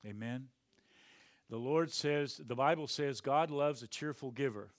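A male pastor preaching a sermon emphatically, swinging from quiet to loud. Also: medium pitch, measured pace, dry recording, clean studio sound.

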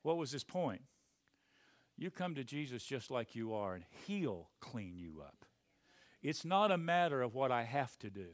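A male pastor preaching a sermon emphatically, swinging from quiet to loud. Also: medium pitch, no room sound.

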